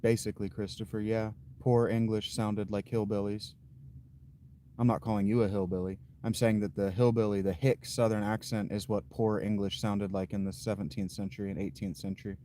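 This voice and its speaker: A man hosting a livestream, chatting casually with viewers' comments in an unhurried, blunt way, thinking aloud with fillers and restarts. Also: on the low side, level tone, warm tone, a little hiss or hum. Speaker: livestream host.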